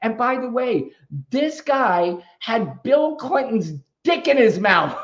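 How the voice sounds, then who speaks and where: A man's voice: extremely high pitch, lively intonation, takes it slowly, a bit bright. A man hosting a live stream, arguing with callers in a combative, profane, lecturing way. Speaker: livestream host. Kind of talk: heated live debate stream. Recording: dull lo-fi stream audio.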